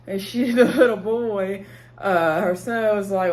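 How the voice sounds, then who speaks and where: A woman's voice: mid-range voice, measured pace, a little mellow. A woman, chatting casually as she recaps a TV episode, rambling and laughing often. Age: 30s. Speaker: TV show reviewer.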